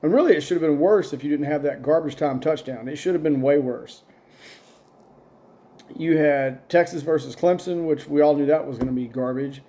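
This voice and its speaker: A man's voice: a little high, normal speed, warm tone. A man hosting a casual solo sports talk show, rambling and opinionated with plenty of fillers, a bit tired. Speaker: sports podcast host.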